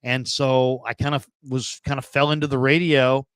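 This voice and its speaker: Smooth-voiced man in his fifties. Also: medium pitch, flat delivery, moderate pace, no echo. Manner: rambling, many fillers and restarts. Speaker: guest, former NFL scout turned radio host. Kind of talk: casual storytelling interview.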